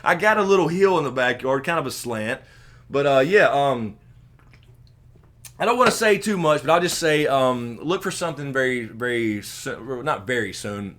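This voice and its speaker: A man with a Southern American accent hosting a casual live stream. He reads viewer questions aloud and answers them, swearing freely and swinging from low mutters to loud, animated bursts. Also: moderate pace.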